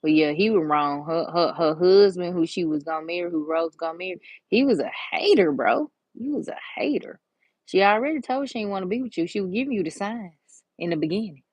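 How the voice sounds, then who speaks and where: A woman's voice: fairly low pitch, fast, few pauses, darkish tone, no room sound. A woman, chatting and storytelling with slang while doing nail art. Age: 30s. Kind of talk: casual chat while doing nails.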